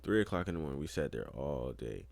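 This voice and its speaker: A man's voice: very deep voice, very animated, quick pace, gravelly, darkish tone, no room sound. A young man co-hosting a podcast, telling rambling, profane anecdotes in a laid-back casual chat. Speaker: podcast co-host.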